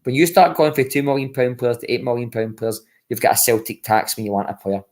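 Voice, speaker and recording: A man's voice: medium pitch, steady tone, brisk, darkish tone. A Scottish man co-hosting a football podcast, talking bluntly, repeating himself and swearing. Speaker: podcast co-host. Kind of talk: casual football podcast chat.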